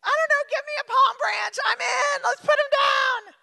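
A woman preacher putting on the voice of a clueless, excited woman swept along in a crowd, bubbly and carefree. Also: very high voice, moderate pace, creaky, shouting, in a large hall, pitched above the performer's own voice, exaggerated voice. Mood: giddy.

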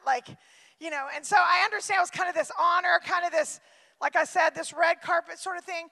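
A woman pastor preaching with emphatic repetition and lively asides. Her voice is very high and bright, with a gravelly fry in it. The long reverb of a large hall hangs on every phrase. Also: normal speed. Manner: emphatic, repeats phrases for effect; shifts into lively acted-out quotes and asides. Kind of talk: sermon.

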